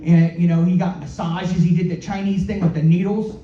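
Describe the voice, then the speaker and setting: A high-pitched man with a mellow tone performs stand-up comedy in a club, his halting, self-deprecating delivery full of repeated words. The sound is roomy and dull, picked up from a distance. Faint club ambience runs underneath. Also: fairly even intonation, a little hiss or hum. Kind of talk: stand-up set.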